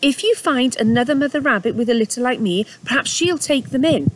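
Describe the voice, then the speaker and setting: A woman reading a children's story aloud and voicing an anxious mother rabbit in a high, pleading voice. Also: animated, fairly quick, rough recording. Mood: urgent.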